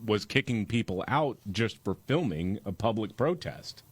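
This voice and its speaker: A man's voice: fairly low pitch, expressive, moderate pace, breathy edge. A man co-hosting a news talk podcast, reading headlines and cutting in with sarcastic, mocking asides.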